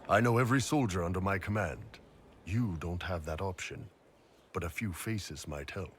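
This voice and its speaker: Man playing a video game commander, very deep voice, assured, faint ambience. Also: moderate pace, a little hiss or hum, close to an everyday voice. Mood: steady. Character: gruff male soldier and commander.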